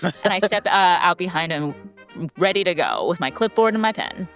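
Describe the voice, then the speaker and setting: A woman's voice: fairly low pitch, lively intonation, moderate pace, a bit bright, soft background music. Woman player describing her moves. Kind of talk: tabletop role-play chat.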